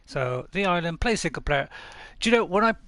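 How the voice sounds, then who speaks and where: A man's voice: high voice, animated, a little fast, bright, forceful tone, no room sound. A man live-streaming a game from home, chatting casually and rambling with little chuckles, close to his desk mic. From United Kingdom. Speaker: gaming streamer. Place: home room.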